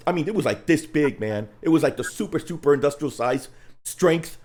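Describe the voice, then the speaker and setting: A man's voice: mid-range voice, a little slow. A man co-hosting a hobby live stream, chatting casually and rambling with lots of "man" and mild swearing. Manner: rambling, animated, swears mildly, says "man" a lot. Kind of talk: casual chat.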